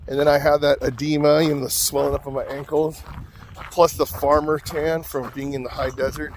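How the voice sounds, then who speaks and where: A man in casual vlog mode tells a rambling story in a voice set a little high for a man. His delivery is loose, filler-heavy and self-mocking. Faint noise sits behind his voice. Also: level tone, fairly quick. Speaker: vlogger.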